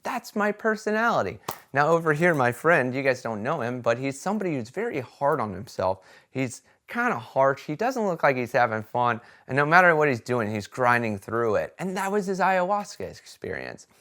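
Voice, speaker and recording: Guy vlogging, chatty and animated, tosses in "right?" a lot, middle pitch voice. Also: normal speed. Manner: animated storytelling, acts out quoted voices; conversational fillers like "right?" and "okay?". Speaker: vlogger sharing experiences. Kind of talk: casual talk to camera.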